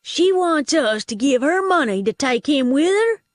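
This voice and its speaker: A dim, mouthy blond thug , voiced by a woman narrator, blurts his disbelief in a raised, higher voice. The audiobook sound is dry and close. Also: huge pitch swings, normal speed, husky, dry recording. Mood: incredulous. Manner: incredulous blurting. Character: short blond male mercenary, dim and mouthy.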